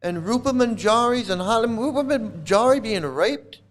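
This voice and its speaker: A middle-aged man with a high-pitched voice, ranting in fury. He repeats himself, swears hard and sounds bitter and worked up. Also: expressive, normal speed. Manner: furious, repetitive, swearing, bitter. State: angry, voice breaking at times. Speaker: channel host, cult critic. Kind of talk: angry monologue to camera.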